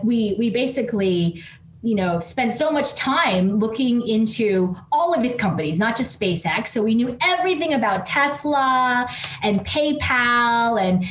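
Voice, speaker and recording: Woman researcher, raised pitch, chatty storyteller, roomy echo. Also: a little hiss or hum. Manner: lively anecdote full of "like" and restarts. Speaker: entrepreneurship researcher, guest. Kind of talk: storytelling in conversation.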